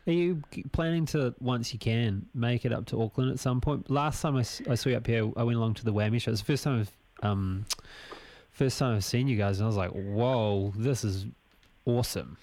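A man's voice: mid-range voice, fairly quick, a little mellow. A man co-hosting a live radio interview, asking easygoing questions. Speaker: radio co-host.

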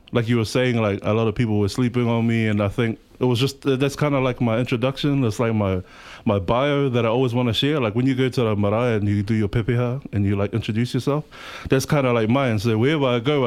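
A man in his thirties with a New Zealand accent, a rapper chatting as a guest in a radio studio, relaxed and rambling with lots of fillers. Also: mid-range voice, clean tone. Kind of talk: casual interview chat.

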